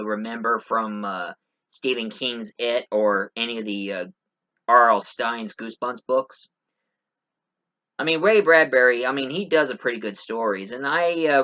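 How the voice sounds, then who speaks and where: A man's voice: mid-range voice, bright, forceful tone, muffled recording. A man giving a casual spoken movie review, rambling with many fillers and restarts.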